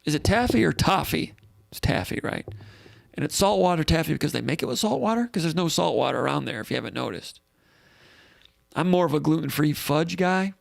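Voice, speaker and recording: A man's voice: a little high, animated, fairly quick, creaky, no echo, clean studio sound. A man hosting a live call-in sports show in a casual, rambling way, reading out comments and thinking aloud.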